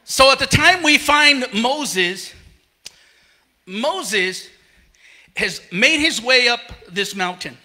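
A man's voice: very high voice, expressive, slow pace, pauses often, bright, forceful tone. A male pastor preaching a sermon, out of breath, often stumbling and repeating words as he retells a story. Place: church.

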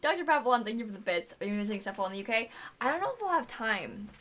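A chatty young woman streaming on a desk mic, her voice sitting a little high. She giggles easily and talks to her viewers in a casual, friendly flow. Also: big pitch swings, rapid-fire, a bit bright, faint music behind. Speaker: live streamer. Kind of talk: casual chat while streaming.

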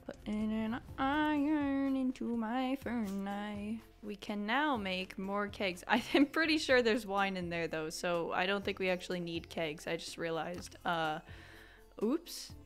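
Brief: young female gamer, bright tone, dramatic excitable commentary with loud outbursts, desk mic. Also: mid-range voice, a little slow, faint music behind. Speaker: gaming YouTuber. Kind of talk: casual let's-play commentary.

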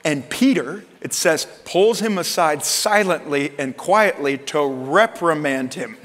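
A male pastor preaching a sermon, retelling the Bible story with lively voices for the characters. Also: normal speed, few pauses, a little hiss or hum. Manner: animated storytelling, acting out Peter's lines high and Jesus' lines low and soft. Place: church auditorium. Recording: long reverb of a large hall.

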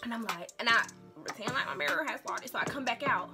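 A young woman vlogger tells a story in an animated, dramatic way, repeating lines for emphasis and talking fast. Her voice sits a little high, with loud music playing behind her the whole time.

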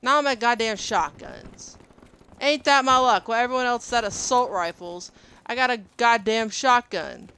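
A woman's voice: fairly high pitch, normal speed, clean tone. A young adult woman streaming gameplay, frustrated and cursing at opponents as she plays. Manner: frustrated, swearing, shouting at opponents. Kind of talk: live gameplay commentary.

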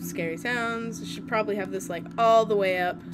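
A woman's voice: mid-range voice, brisk. A woman hosting a horror game let's play, jumpy and giggly, shrieking at scares and joking about herself. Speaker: gaming video host. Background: game music and horror sounds.

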